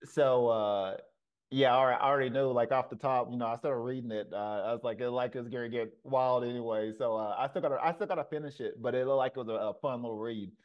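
A man hosting a casual podcast interview, asking questions in a halting way with many restarts. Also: mid-range voice. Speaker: podcast host. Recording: slightly dull lo-fi sound.

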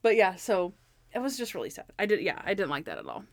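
A woman's voice: medium pitch, quick pace, dry recording. Chatty woman retelling scenes in dry room. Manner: animated, retells scenes with acted voices. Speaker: podcast co-host. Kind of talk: casual chat reviewing a TV episode.

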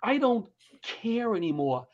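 A high-pitched, unhurried middle-aged man, a comedian and firefighter, tells stories in an interview, animated as he imitates the voices of those in them. The sound is dull and lo-fi.

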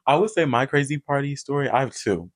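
A man's voice: mid-range voice, animated, fast. Young man telling party stories. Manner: storytelling, profane, laughs often. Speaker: podcast co-host. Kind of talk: casual chat.

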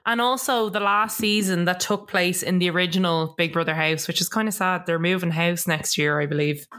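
A woman's voice: on the low side, steady tone, a bit bright. An Irish woman co-hosting a podcast, telling stories in a giggly, easygoing way. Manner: storytelling, giggly, slow drawl. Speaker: podcast co-host. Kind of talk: casual chat.

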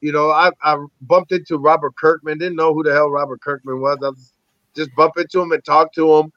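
Guy with a high voice rambling through set stories, cussing a lot, muffled lo-fi sound, no room echo. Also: brisk. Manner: animated, rambling, heavy swearing. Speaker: podcast guest, actor and army veteran. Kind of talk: casual storytelling interview. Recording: dull lo-fi dry recording.

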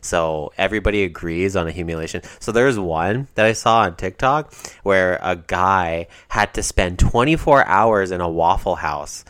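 A man with a very low voice co-hosts a podcast in loose, sarcastic banter full of swearing. He is recorded on a close, dry mic. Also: fairly bright tone, clear, resonant tone, dry recording. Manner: sarcastic, swearing, wrestling-fan jokes. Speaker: podcast co-host.

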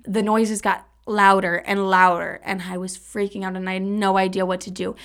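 A woman's voice: medium pitch, level tone, fairly quick, hardly any pauses, a bit bright. A young woman in her twenties telling a personal story in a casual, profane and dramatic way, acting out what people said. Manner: candid, profane, dramatic retelling with acted-out quotes. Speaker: podcast host.

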